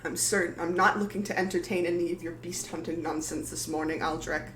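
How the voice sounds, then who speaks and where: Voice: medium pitch, fairly even intonation, fairly quick, roomy sound, far from the mic, slight background noise, close to an everyday voice. A game master voicing a young townswoman who forces her voice to sound stern and defiant. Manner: sharp, trying to sound stern. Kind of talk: tabletop role-play voice.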